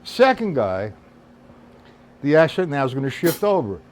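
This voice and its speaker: A man's voice: fairly high pitch, big pitch swings, normal speed. A man teaching a drum lesson on a live stream, explaining accents and counting the beats aloud. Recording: loud drums behind the voice. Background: drum kit playing.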